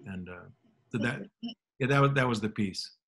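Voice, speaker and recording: A man's voice: fairly low pitch, moderate pace, fairly bright tone. Easygoing middle-aged man telling stories. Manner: anecdotal, easygoing, self-deprecating. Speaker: motivational keynote speaker. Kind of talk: storytelling in a radio conversation.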